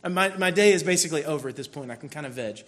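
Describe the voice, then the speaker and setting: A man preaching a sermon in a relaxed, conversational storytelling way, with sudden bursts of mock frustration. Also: fairly high pitch, rapid-fire. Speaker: pastor.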